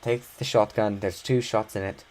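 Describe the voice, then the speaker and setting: A man's voice: lowish voice, fairly even intonation, normal speed, darkish tone, slight background noise, close to an everyday voice, low-quality recording. A man voicing an urgent Irish father in a casual chat, with an amateur Irish accent. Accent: attempted Irish. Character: frightened Irish father hiding his young son.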